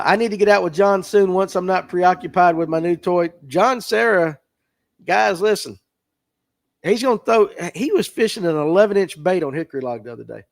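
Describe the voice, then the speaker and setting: A man hosting a fishing podcast livestream, chatting casually and reading out viewer comments in a folksy way. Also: high voice. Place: tackle shop.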